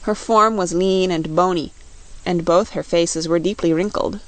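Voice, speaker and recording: Woman audiobook narrator, steady storybook reading. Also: lowish voice, a little slow.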